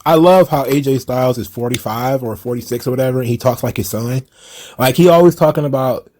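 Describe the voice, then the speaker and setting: A man's voice: mid-range voice, fairly quick, a little mellow. A man hosting a wrestling commentary show, recapping in a rambling, blunt, chuckling way.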